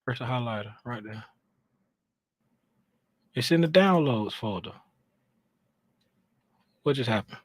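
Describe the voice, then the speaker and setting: A man casually walking through a chart on a screen share, thinking out loud and talking to himself in a chatty, animated way. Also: mid-range voice, takes it slowly, pauses often, breathy edge, no room sound, clean studio sound. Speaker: trading educator.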